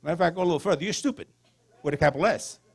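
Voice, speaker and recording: Folksy higher-voiced male preacher. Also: rapid-fire, gravelly, a little mellow. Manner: folksy preaching, call-and-response asides. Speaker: pastor. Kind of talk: sermon.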